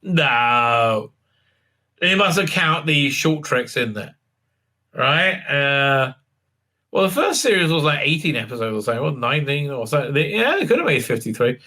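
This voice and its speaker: Man, slightly high, bright and forceful voice, sarcastic rambling recap host from Israel. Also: sing-song, normal speed. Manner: rambling, many fillers and restarts, sarcastic. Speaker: TV show reviewer. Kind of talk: casual recap with mocking impressions.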